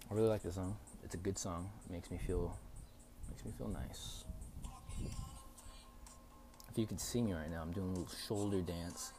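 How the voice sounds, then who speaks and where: A young man hosting a podcast, telling a story in a casual, profane, animated way with lots of fillers. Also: low voice. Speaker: podcast host.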